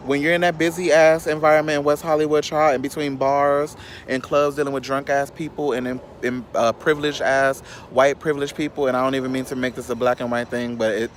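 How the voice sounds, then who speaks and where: A man's voice: medium pitch, slight background noise. Sassy man ranting a storytime. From Chicago, South Side. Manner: sassy, animated, profane, quick asides to viewers. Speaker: vlogger. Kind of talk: casual storytime rant.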